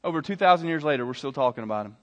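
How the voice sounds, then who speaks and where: A male pastor, preaching a sermon and telling stories, swelling loud and then dropping soft. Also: on the high side, animated, racing. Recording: reverberant hall.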